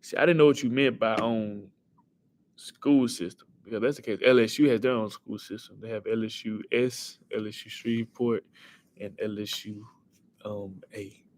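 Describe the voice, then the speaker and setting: A young man hosting a casual livestream, thinking aloud through quiz answers and talking back to his chat in an excitable way. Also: fairly low pitch, normal speed, slight background noise. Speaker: livestream host.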